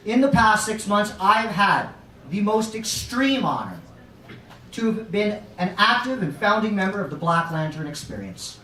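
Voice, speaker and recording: A man's voice: high-pitched, sing-song, normal speed, bright, forceful tone. A man giving an earnest, formal welcome speech at an art show. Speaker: founding member of an art group giving a speech. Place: art show in a restaurant lounge. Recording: roomy sound from a distant camera.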